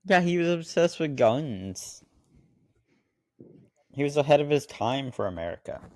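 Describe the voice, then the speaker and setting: A man's voice: a little high, big pitch swings, unhurried, darkish tone, dry recording. A man co-hosting a casual movie review chat, dry and skeptical, often contradicting his co-host. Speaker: podcast co-host.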